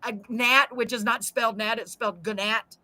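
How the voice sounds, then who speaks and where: A woman's voice: on the high side, steady tone, brisk, sharp tone. A middle-aged woman with a Texan accent, hosting a live show and chatting casually while reading viewer comments aloud. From Central Texas. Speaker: host of a live online show. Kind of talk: casual live-stream chat.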